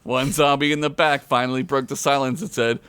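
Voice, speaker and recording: A man's voice: medium pitch, fairly even intonation, a little fast, a crowd in the background. A man reading his own comedic story aloud on a podcast, with crude, self-mocking asides and frequent laughter. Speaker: podcast co-host telling a story. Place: podcast recording.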